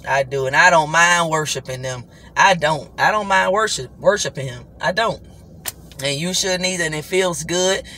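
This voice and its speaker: Vlog host, male, high bright voice, animated devotional chat that repeats its points. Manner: animated, repetitive, breaks into singing. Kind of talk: casual devotional talk to viewers.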